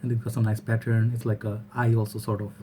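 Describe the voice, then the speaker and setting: A man's voice: lowish voice, completely flat delivery, fast talker, mellow, slight background noise. A man from Bangladesh, chatting loosely through a product review and often checking in with "all right?". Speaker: fragrance reviewer. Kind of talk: casual product review vlog.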